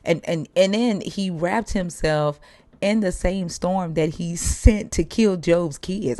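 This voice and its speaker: A woman's voice: fairly low pitch, slow, warm tone, dry recording. A woman hosting a casual livestream discussion, blunt and profane, laughing often. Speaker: livestream host.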